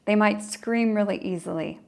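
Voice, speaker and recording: Gravelly-voiced woman coaching podcast host. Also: mid-range voice, normal speed. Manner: conversational, acts out quoted inner voices. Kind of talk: explanatory podcast talk.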